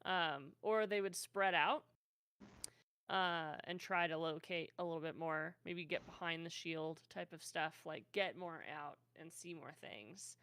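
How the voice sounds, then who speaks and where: A woman's voice: low voice, measured pace, a bit bright, clear, resonant tone. A woman co-hosting a podcast as dungeon master, easygoing and often giggling. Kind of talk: casual chat about tabletop gaming.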